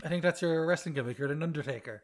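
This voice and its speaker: A man's voice: a little high, very fast. A man co-hosting a casual podcast, teasing and jokey, swearing freely. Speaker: podcast co-host. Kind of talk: casual chat.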